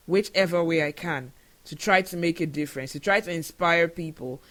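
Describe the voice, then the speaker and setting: A woman hosting her own show, speaking in an emotional, indignant monologue full of rhetorical questions. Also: lowish voice. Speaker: show host. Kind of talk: impassioned monologue to camera.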